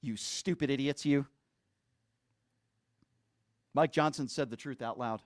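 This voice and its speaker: Speaking to camera through a streaming mic, a man delivers an angry political rant, driving his points home with one rhetorical question after another. His voice sits at a medium pitch and his pace is unhurried. The studio sound is clean, with no echo.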